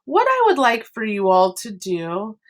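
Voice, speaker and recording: Teaching art online from her home, a woman with a mid-range voice talks at a measured pace, her pitch swooping wildly. She walks through each step over a video-call computer mic, adding chatty asides.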